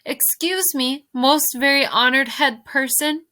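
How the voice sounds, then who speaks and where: A woman's voice: medium pitch, unhurried, sharp tone, dry recording. A woman voicing a small, brave young male mouse in a read-aloud storybook, speaking firmly and earnestly. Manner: firm, earnest.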